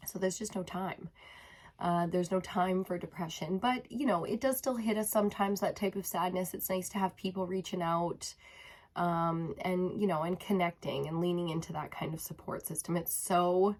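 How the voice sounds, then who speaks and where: A woman's voice: on the low side, steady tone, normal speed. Chatty woman giving a tarot reading. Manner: warm, chatty, addresses viewers as loves. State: a little out of breath. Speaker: tarot reader. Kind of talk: casual spiritual chat to camera.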